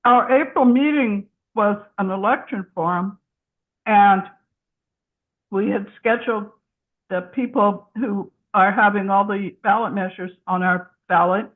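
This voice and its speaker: A woman's voice: mid-range voice, unhurried. A woman chairing a community group, giving a candid, chatty update while eating her dinner. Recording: tinny phone-like line.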